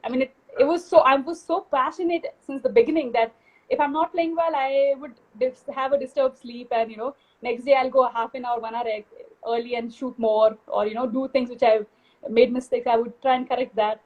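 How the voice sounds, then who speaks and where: Husky high-voiced woman, self-assured. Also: steady tone, fairly quick, narrow, tinny audio. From India. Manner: candid, self-assured, laughs easily. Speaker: guest basketball player. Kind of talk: live video chat interview. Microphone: video call.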